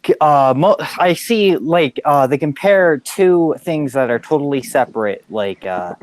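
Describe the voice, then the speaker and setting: A tired man in a casual group chat, speaking haltingly and rambling, with many fillers and restarts. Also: fairly high pitch, lively intonation, no echo.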